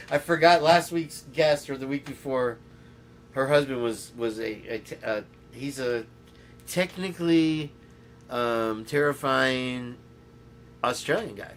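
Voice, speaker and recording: A man's voice: mid-range voice, slow pace. A man hosting a loose podcast in a mid-range voice, wandering from one story to the next and cracking himself up as he goes. A faint noise runs under the recording. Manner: rambling, jokey, often laughs at himself. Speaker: host. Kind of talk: rambling casual podcast chat.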